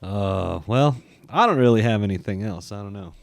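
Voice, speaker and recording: A man's voice: fairly low pitch, lively intonation, normal speed, creaky, no echo. A man co-hosting a casual chat show, laid-back and making dry quips. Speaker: podcast co-host.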